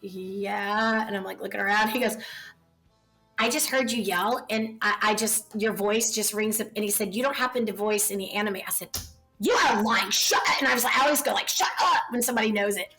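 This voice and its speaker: A woman's voice: mid-range voice, steady tone, a little fast, pushed and bright, faint music behind. A woman voice actor energetically retelling a funny fan encounter, acting out the quotes. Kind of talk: casual storytelling.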